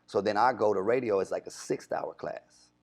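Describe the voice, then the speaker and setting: A man's voice: on the low side, normal speed, creaky. A young adult man, a radio DJ, casually telling stories in an interview and acting out the voices he quotes. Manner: animated storyteller, acts out quoted voices.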